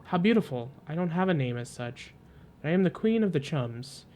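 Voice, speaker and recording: A man voicing a gentle, motherly female queen of desert creatures, speaking graciously and formally over soft game music. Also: on the high side, animated, moderate pace, slight background noise, natural voice. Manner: gracious, cooing, slightly formal.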